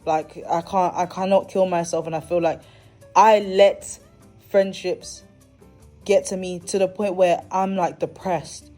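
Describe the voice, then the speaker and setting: A woman's voice: on the low side, steady tone, a little slow, dark tone, faint music behind. A young woman hosting a podcast, talking candidly and animatedly in a casual monologue with slangy, dramatic asides. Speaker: podcast host.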